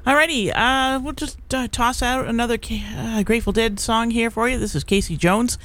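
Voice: medium pitch, normal speed, fairly bright tone. A middle-aged college radio DJ chatting casually on air between songs, rambling with plenty of fillers and restarts. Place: radio studio.

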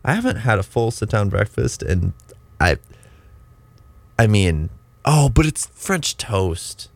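A man's voice: lowish voice, sing-song, slow pace, gravelly, dry recording. A young man hosting a college radio show, chatting casually and rambling with lots of restarts. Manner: rambling, restarting, self-deprecating. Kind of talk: casual on-air chat.

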